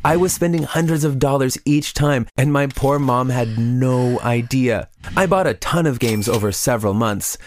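A man's voice: medium pitch, moderate pace, a little hiss or hum. A man telling a first-person confession story in scripted narration, earnest in tone.

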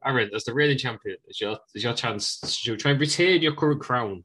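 A man, podcast co-host, tossing in lively quips. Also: mid-range voice, fairly quick.

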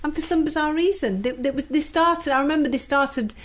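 A woman chats away in a high voice, telling family stories on a podcast. She repeats herself, loops back mid-sentence and laughs easily. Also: fairly quick. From Manchester, England. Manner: chatty storyteller, laughs often, repeats herself. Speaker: podcast co-host. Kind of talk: casual family podcast chat.

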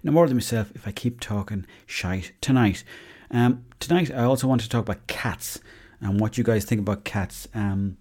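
Low-ish and darkish with a breathy edge, this man's voice keeps a moderate pace. He is an Irish podcaster doing casual comic storytelling: chatty, full of tall-tale humour, and swearing freely.

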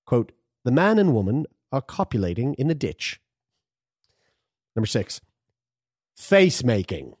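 A man's voice: mid-range voice, unhurried, pauses often, breathy edge, dry recording, studio quality. A man co-hosting a casual podcast, reading items aloud in a crude, joking manner. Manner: animated, crude, laughs while reading. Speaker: podcast co-host.

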